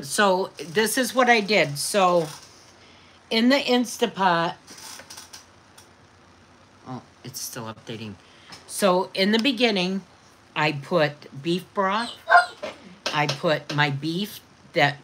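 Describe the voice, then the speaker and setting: Female livestream host, lowish bright voice, unhurried, affectionate with her viewers. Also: animated, slight background noise. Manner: affectionate, reads viewer comments aloud; chatty recipe explaining. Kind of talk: casual livestream chat.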